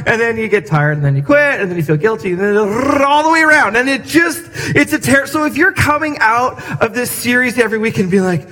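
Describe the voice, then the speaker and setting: A male pastor with a very high, bright, forceful voice preaches in a church. He speaks in a casual, chatty way and slips into acted voices to make his points funny. The sound carries a long reverb from the big sanctuary. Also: lively intonation, fairly quick. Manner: conversational, acts out voices for humor. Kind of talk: sermon.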